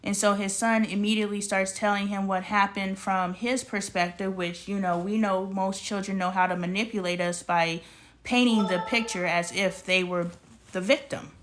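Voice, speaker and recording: Animated woman telling a story. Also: medium pitch, normal speed. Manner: animated storyteller acting out dialogue; spiritual, preachy asides. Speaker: vlogger. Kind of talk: casual storytime monologue.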